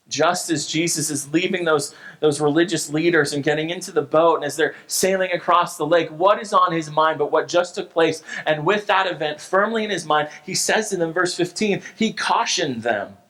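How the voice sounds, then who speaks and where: A man's voice: a little high, a bit bright, rough recording. Earnest American man preaching a sermon. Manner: earnest, emphatic preaching with repeated restarts. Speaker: pastor. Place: church sanctuary.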